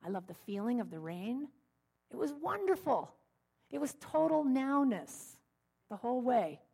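Woman preaching on mindfulness with gentle humor. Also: a little high, very animated, a little slow, creaky, slightly rough. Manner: warm storytelling with gentle humor. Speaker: minister. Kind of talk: sermon.

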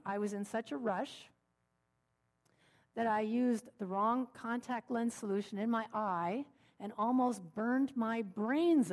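Woman preaching on mindfulness with gentle humor. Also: on the high side. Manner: warm storytelling with gentle humor. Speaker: minister. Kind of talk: sermon.

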